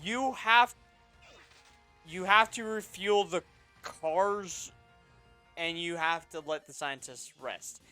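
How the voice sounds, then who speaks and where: A man's voice: high-pitched, takes it slowly, long pauses, faint music behind. A man co-hosting a gaming live stream, chatting casually, laughing often and telling stories with lots of energy. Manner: laughs often, animated storytelling. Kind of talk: casual chat while gaming.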